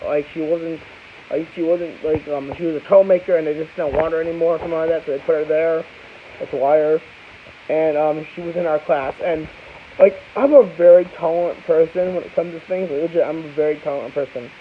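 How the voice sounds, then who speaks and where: A young man from Florida telling a rambling, casual story to camera as a vlogger, full of restarts and asides. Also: fairly high pitch. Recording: tinny phone-like audio with faint hiss.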